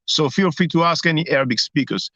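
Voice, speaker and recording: A man hosts a live stream from his phone and speaks in a fairly high voice. He hesitates often and restarts his sentences. The sound is muffled and dry, with no room echo. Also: fast, bright, forceful tone. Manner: hesitant, many restarts and fillers. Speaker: host.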